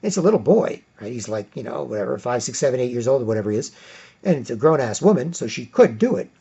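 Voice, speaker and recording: A man's voice: mid-range voice, very animated, fast talker, vocal fry, warm tone, breathy edge. A man with a Canadian accent rambling through an opinion monologue, repeating himself, tagging lines with "right?" and acting out the voices of people he quotes. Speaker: vlogger. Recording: dull lo-fi sound.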